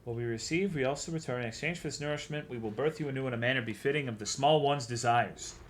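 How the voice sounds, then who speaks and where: Man doing eerie parasite hive, hushed, slow, ceremonial, low and quiet. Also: slight background noise, natural voice. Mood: ominous, solemn. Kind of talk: reading a visual novel aloud.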